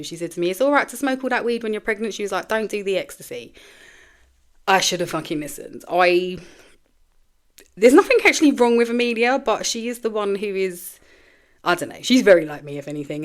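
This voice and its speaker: A woman, hosting her own show and talking frankly and profanely about her life, emotional and close to tears, with trailing restarts. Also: low voice. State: tearful, emotional. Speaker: podcast host. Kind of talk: candid personal monologue.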